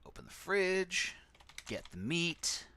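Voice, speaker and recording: A man's voice: high voice, very animated, slow, sharp tone, a little hiss or hum. A man casually commenting on a text adventure game he plays on stream, with sarcastic, wry asides.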